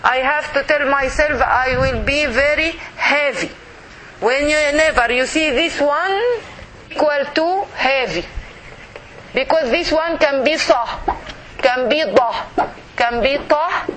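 Slow, high-voiced woman teaching a class. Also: fairly bright tone, slight background noise, rough recording. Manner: slow, patient, repeats sounds for the class to copy. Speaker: Arabic teacher. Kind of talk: classroom lesson.

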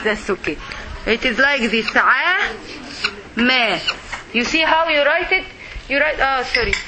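A woman leads a Quran recitation class, speaking slowly and patiently and repeating words so her students can echo them back. Her voice is high and animated, with noise audible in the background.

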